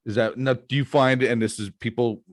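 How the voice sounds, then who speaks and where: A man's voice: medium pitch, steady tone, a little fast, no room sound, studio quality. A man from Canada hosting a podcast interview, laid-back, joking and blunt. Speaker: podcast host. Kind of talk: casual interview chat.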